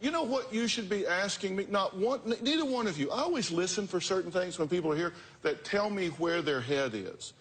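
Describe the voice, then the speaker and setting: A man's voice: high-pitched, expressive, a little fast, hardly any pauses, a bit bright, husky. A man hosting a talk show, giving blunt, direct advice to guests in a lecturing way.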